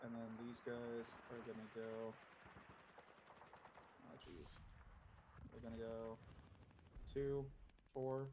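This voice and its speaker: A man's voice: medium pitch, little pitch movement, slow pace, long pauses. Guy muttering thru his board game turn, lots of uhs, background noise under it. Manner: thinking aloud, counting moves, many fillers. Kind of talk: casual live-streamed game chat.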